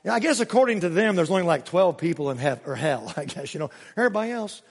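A male pastor preaching a sermon, emphatic, swinging between raised exclamations and hushed asides. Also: high voice, expressive, quick pace, breathy edge, big-room sound. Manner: emphatic preaching with sudden rises and hushed drops.

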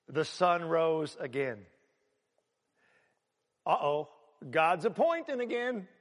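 A male pastor preaching a sermon in a church, animated, swinging between loud emphatic lines and hushed asides. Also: sits high, in a large hall.

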